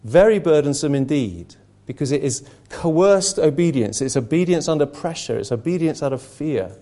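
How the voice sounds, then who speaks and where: A man's voice: on the high side, lively intonation, moderate pace, mellow. A man preaching a conversational sermon to a small group, earnest, repeating words as he restarts his sentences.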